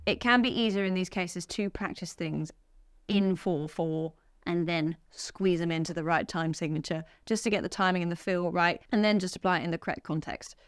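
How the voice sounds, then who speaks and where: A woman's voice: on the low side, fairly even intonation, moderate pace. A woman teaching a drum lesson, upbeat and counting beats aloud as she plays. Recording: music studio with loud drum kit.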